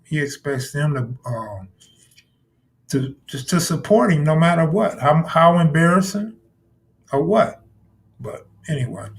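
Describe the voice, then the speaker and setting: Blunt, profane man riffing on a live stream. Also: fairly high pitch. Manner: blunt, profane, talks back to chat viewers. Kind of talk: casual live stream commentary.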